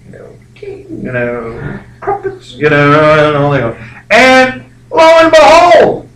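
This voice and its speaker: A man's voice: sits high, wildly swooping pitch, slow, a bit bright, far from the mic. A male history teacher giving a rambling, joking classroom lecture full of fillers. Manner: rambling, jokey, many fillers. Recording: echoey classroom, faint background noise.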